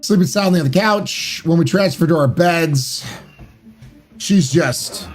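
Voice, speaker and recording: A man's voice: a little high, unhurried, faint music behind. A man hosting a live stream, chatting casually and greeting viewers by name. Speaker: streamer and podcast host.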